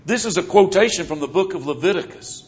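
A man from the American South, with a Southern US accent, preaches an earnest, emphatic sermon, teaching from scripture. His voice sits high with lively intonation, fast and darkish, captured in a dull, lo-fi sermon recording.

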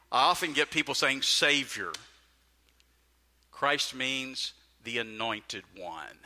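A middle-aged man preaching a sermon in a church auditorium, with an emphatic, animated delivery that swings to sudden quiet drops. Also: medium pitch. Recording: long reverb of a large hall.

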